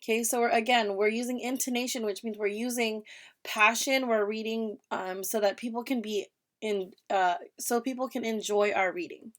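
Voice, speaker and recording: A woman's voice: a little high, steady tone. Woman teaching a children's reading lesson. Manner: slow, clear classroom delivery with questions to students.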